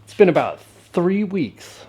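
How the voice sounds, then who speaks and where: A man's voice: high-pitched, big pitch swings, measured pace, mellow. A man talking casually and wryly to the camera while working on an old truck in a garage vlog. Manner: laid-back and wry, with offhand jokes.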